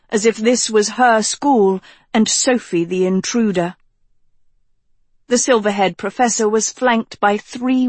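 Slow, measured woman narrator. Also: mid-range voice, no echo. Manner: measured, unhurried storytelling. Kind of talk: audiobook narration.

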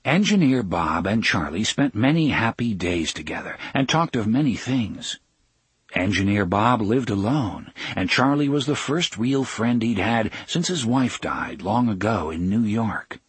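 A man reads a storybook aloud with a lively, expressive storytelling cadence. His voice is husky and breathy, and the recording is dry and close. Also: fairly low pitch, unhurried, no room sound. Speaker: narrator. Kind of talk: storybook reading.

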